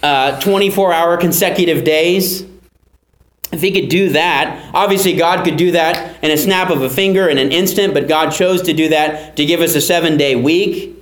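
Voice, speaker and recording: High-voiced man preaching in an echoey room. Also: moderate pace. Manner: earnest teaching, repeats key phrases for emphasis. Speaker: pastor. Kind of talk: sermon.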